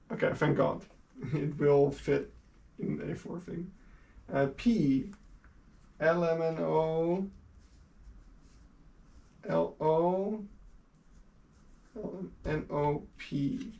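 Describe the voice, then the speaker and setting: A man's voice: fairly high pitch, creaky, a little mellow. A young man, a native Dutch speaker, chatting casually and laughing often as he streams from home while sorting a collection. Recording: distant mic with faint hiss.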